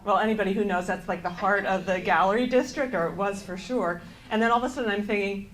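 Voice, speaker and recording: A woman's voice: mid-range voice, quick pace, few pauses, a little hiss or hum, rough recording. A woman from the United States giving a keynote speech, telling a story with wry, self-mocking asides and quoting her own thoughts. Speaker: keynote speaker. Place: event hall.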